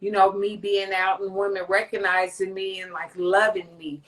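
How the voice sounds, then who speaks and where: A livestream host speaks at a moderate pace in a medium-pitched, fairly bright voice with little pitch movement, and the recording quality is low. Her casual chatter rambles, full of profanity and humor.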